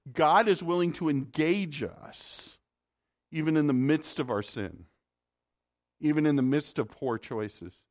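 Male pastor, fairly high voice, chatty sermon full of rhetorical questions. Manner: conversational preaching with rhetorical questions to the congregation.

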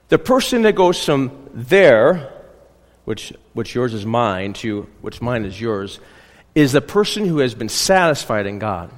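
A man's voice: medium pitch, in a large hall. A man preaching a conversational sermon as a pastor, often checking in with the congregation. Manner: chatty, keeps checking in with the congregation. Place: church.

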